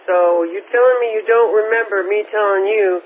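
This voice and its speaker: A woman's voice: mid-range voice, moderate pace. A woman, an amateur radio operator, defending herself in an on-air argument, brushing off the other person's claims in a dismissive tone. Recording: tinny radio transmission with faint hiss.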